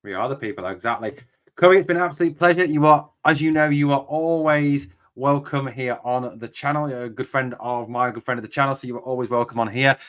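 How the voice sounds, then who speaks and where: A man's voice: mid-range voice, fast talker. A man hosting a live podcast in an upbeat, friendly manner, thanking his guest and viewers. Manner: upbeat, friendly sign-off patter. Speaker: podcast host.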